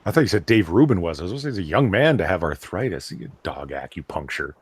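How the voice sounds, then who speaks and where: A man co-hosting a casual online chat show, chatty and quick. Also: low-pitched, very animated, husky, no room sound. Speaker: podcast co-host.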